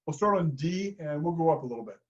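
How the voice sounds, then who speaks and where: A man leading a choir through vocal warm-ups, coaching in a calm, encouraging way. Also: fairly high pitch, fast talker, highs cut off, loud music behind the voice. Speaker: choir director.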